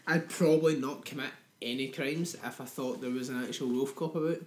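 A man's voice: medium pitch, fairly even intonation, a little fast, darkish tone. Guy on a podcast, crude banter about films, echoey room. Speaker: podcast co-host. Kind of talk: casual film-review chat. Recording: roomy echo.

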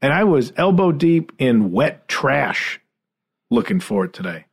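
A man co-hosting a podcast who teases with quick questions and rambles through his own stories, often restarting his sentences. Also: medium pitch, very animated, vocal fry, husky. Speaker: podcast co-host. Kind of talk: casual chat.

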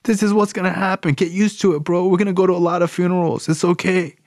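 A man's voice: sits high, steady tone, takes it slowly, no echo, studio quality, voice pushed up. A man voicing his blunt, profane male recovery sponsor, who lectures in a harsh, tough-love way.

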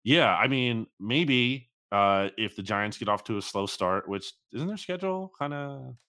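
A man's voice: mid-range voice, animated, measured pace, bright, forceful tone, smooth, no echo, clean studio sound. A man co-hosting a podcast, thinking aloud about football in a hesitant, casual way. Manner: hesitant, many fillers and restarts, thinks aloud. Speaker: podcast co-host. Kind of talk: casual sports chat.

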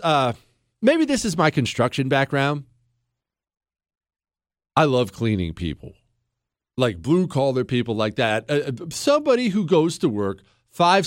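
A man hosting a radio talk show, telling a story and giving commentary in a lively, emphatic way with rhetorical questions. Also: on the high side, no room sound, clean studio sound. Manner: animated, laughs at own stories, emphatic rhetorical questions. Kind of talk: casual on-air storytelling and commentary. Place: radio studio.

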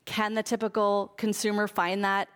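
A woman's voice: medium pitch, level tone, normal speed, fairly bright tone, clear, resonant tone. Earnest woman guest on a radio talk. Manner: earnest, thoughtful, many fillers and restarts. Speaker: food advocate and author, guest. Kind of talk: conversational interview answers.

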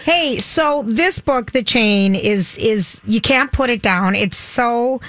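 A woman with a Minnesota accent, co-hosting a book chat and gushing over the book in halting phrases. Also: on the high side, a bit bright, dry recording. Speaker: book show co-host. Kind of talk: casual interview chat.

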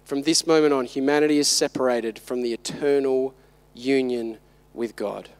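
A man's voice: medium pitch, fairly even intonation, normal speed, smooth. A man in his thirties, a father, preaching a sermon with emphatic rhetorical questions.

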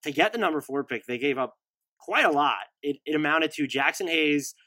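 A man's voice: on the high side, moderate pace, sharp tone, no echo. A man co-hosting a casual sports podcast, reeling off roster lists and offhand asides. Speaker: podcast co-host.

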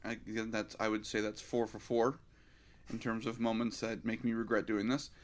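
A man's voice: on the low side, moderate pace. A man co-hosting a casual movie review chat, retelling scenes with swearing and acted-out voices. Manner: animated, profane, acts out scenes in mock voices. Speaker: podcast co-host.

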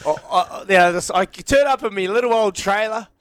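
Animated New radio co-host. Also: male voice, sits high, fairly quick. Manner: animated storyteller, rambling and self-proud. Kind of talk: casual radio banter.

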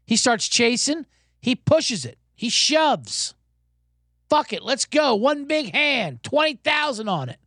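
A man hosting a sports betting podcast, telling a casino story and giving picks in a profane, animated way with shouted crowd chants. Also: very high-pitched, slow pace, no room sound, clean studio sound.

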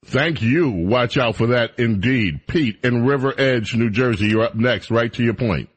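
A man with a Southern American accent hosting a call-in radio show, moving callers along quickly. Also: medium pitch, husky. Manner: brisk, urging callers to be quick. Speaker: radio talk show host.

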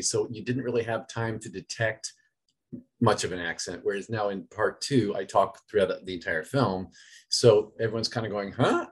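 Middle-aged male actor, husky and lowish, eager chatty interviewee. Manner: enthusiastic, laughing fan talk. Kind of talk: casual interview answers.

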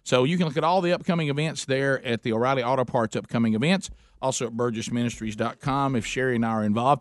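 A man, hosting a talk show and telling a lively family story in casual chat. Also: mid-range voice, quick pace, no echo, clean studio sound. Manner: animated storyteller, voice jumps when quoting his mother. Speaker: radio host.

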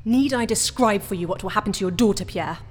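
A woman's voice: medium pitch, fast talker, husky, big-room sound, lightly acted. A woman, playing a cruel female chef who caged songbirds, in an audio drama. She speaks with silky, relishing menace. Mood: menacing.

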